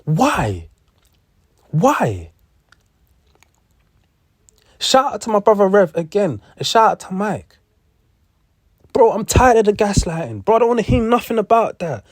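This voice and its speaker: A man's voice: high voice, sing-song, a little slow, long pauses, dry recording, studio quality. A young man, ranting in heated sports commentary, repeating himself and swearing. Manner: heated, repetitive, profane.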